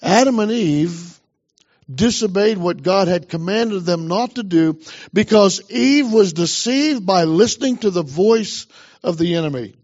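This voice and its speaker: High-voiced preaching man, lo-fi sound. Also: expressive, a little slow, a little mellow. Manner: emphatic preaching, urging the congregation on. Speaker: pastor. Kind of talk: sermon.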